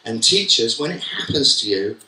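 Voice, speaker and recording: Guy doing a funny keynote for teachers, really bright voice, echoey hall from far off. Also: medium pitch, moderate pace. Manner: comic, animated storytelling. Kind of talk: conference keynote. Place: conference hall.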